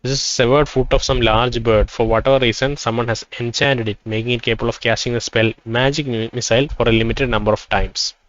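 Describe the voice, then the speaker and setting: A man playing a role-playing game, reading its text aloud and thinking out loud about what he finds. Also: medium pitch, steady tone, a little fast, few pauses, muffled recording. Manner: thinking aloud, reads dialogue in quoted turns. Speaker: let's play gamer.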